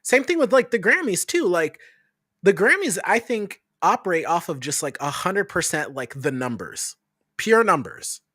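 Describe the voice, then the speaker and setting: A woman from Nebraska co-hosting a casual livestream talk show, animated and quick to laugh. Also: fairly low pitch, husky, dry recording, clean studio sound. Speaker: podcast co-host.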